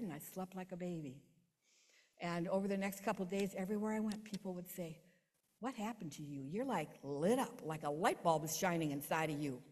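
Woman telling her faith story in a hall. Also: fairly low pitch. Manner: earnest storytelling, swings between hushed and emphatic. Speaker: testimony speaker. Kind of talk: personal faith testimony. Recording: long hall reverb.

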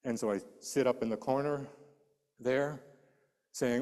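A man preaches a sermon in a large hall, recounting a personal story with lively delivery and acting out the voices of its characters. His pitch is medium and his pace measured, with frequent pauses.

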